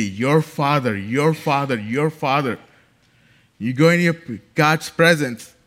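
A man's voice: mid-range voice, a bit bright. A man preaching a sermon, emphatic and building in force, repeating key phrases. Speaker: pastor.

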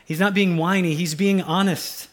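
A pastor preaching a sermon, swinging from loud urgency to a hushed, almost whispered delivery. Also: male voice, high-pitched, steady tone, moderate pace. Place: church sanctuary.

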